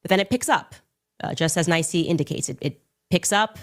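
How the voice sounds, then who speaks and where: A woman with a low voice hosts a commentary livestream. She lays out events in a measured, explanatory way. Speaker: livestream host.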